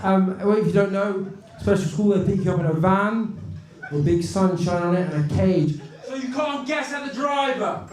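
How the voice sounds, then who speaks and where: Male stand-up, fairly high voice, halting deadpan delivery, echoey club with crowd. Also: distant mic. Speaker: stand-up comedian. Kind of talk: stand-up set.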